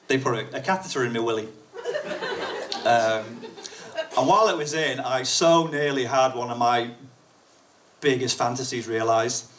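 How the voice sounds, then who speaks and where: A man doing a bawdy stand-up routine at a live comedy night, with an English accent, often slipping into silly voices. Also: medium pitch. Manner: lively, bawdy, mimics people in silly voices. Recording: noisy live room recording.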